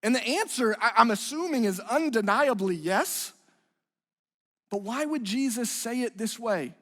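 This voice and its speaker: A man's voice: high voice, a bit bright, in a large hall. A man preaching a sermon as a student ministry pastor, earnest, building intensity as he retells scripture. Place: church auditorium.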